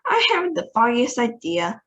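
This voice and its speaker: A brisk, whimsical male chocolate maker, put on by a woman reading a storybook. He sounds cheerful and breezy and waves off worries. It is a story read aloud. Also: fairly high pitch, huge pitch swings, a bit bright, highs cut off, voice pushed up.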